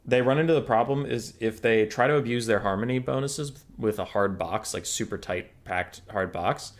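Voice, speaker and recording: At a moderate pace and in a mid-range voice, a young male streamer chats through casual commentary on his live game broadcast. He also works as a tournament caster and answers chat questions out loud.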